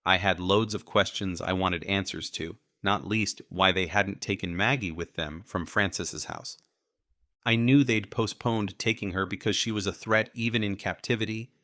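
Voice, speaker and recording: A man narrating a first-person audiobook in a steady, wry manner. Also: on the low side, no room sound, clean studio sound.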